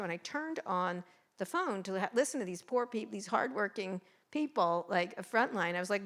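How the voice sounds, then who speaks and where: A woman's voice: mid-range voice, gravelly. A woman in her sixties, a journalist, telling wry, blunt stories in a talk on a live event stage. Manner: wry, blunt, quick storytelling. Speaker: journalist guest speaker.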